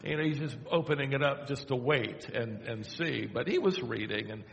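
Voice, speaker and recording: An older man preaching a sermon, telling a story and slowing down to quote scripture. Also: mid-range voice, gravelly, a little hiss or hum. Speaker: pastor. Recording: echoey hall.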